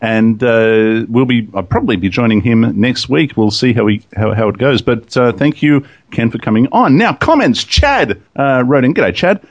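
A man's voice: mid-range voice, expressive, normal speed, few pauses, lo-fi sound. A man hosting a podcast in casual, chatty talk, often laughing. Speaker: podcast host.

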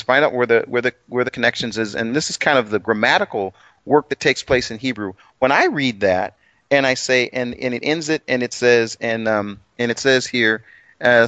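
A man's voice: mid-range voice, a bit bright, no echo, lo-fi sound. A man co-hosting a casual Bible study chat, rambling and self-deprecating, with plenty of restarts. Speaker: co-host.

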